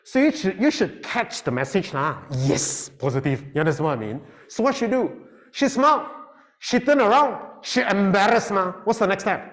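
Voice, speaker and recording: A man teaches his class. His voice sits high and leaps all over the place, and he keeps a playful, animated manner while mixing in Mandarin. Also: normal speed. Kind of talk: classroom lesson.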